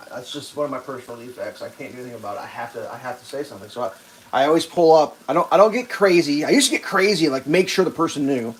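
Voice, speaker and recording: A man hosting a livestream, telling a rambling, profane story while he cooks and loudly acts out the quotes. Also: on the high side, slight background noise, low-quality recording. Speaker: livestream host. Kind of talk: casual storytelling while cooking.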